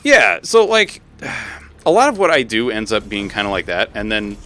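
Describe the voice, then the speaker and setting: A man streaming a game, chatting casually with friends while he plays, swearing freely and easily excited. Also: on the low side. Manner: profane, excitable, quick to swear and laugh. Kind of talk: casual gaming stream chat.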